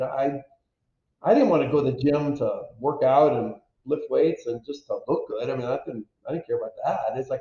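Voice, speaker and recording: 50s guy, animated storyteller, pokes fun at himself, echoey muffled audio. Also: on the high side. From United States. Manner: animated, self-deprecating, acts out quotes. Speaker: guest, former pro football player. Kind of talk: candid storytelling interview.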